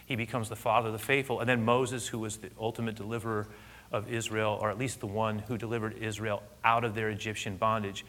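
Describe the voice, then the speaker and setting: A middle-aged male pastor with a bright, forward voice, preaching to his congregation. He tells stories in an animated way and then settles into steady teaching. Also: lowish voice, fast. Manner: animated storyteller, laughing and loud at punchlines. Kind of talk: sermon with personal story.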